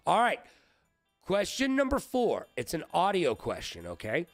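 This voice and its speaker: A man hosting a live-stream trivia game, excitable and profane, riffing with his chat. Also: high-pitched, measured pace, no echo, soft background music.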